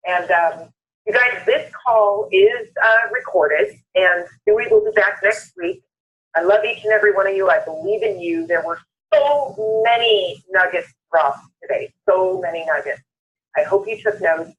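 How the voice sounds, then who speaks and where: A woman's voice: medium pitch, a bit bright. A woman hosting a motivational conference call, upbeat and emphatic, repeating phrases for effect. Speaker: call host. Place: Southern California. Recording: muffled phone-line call recording.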